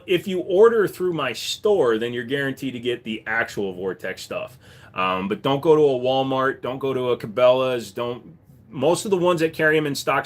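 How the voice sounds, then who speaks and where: A man's voice: mid-range voice, a bit bright. Laid-back man answering chat live. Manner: laid-back, frequent ums, reads viewer questions aloud. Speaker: livestream host answering chat questions; firearms dealer. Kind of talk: casual livestream chat.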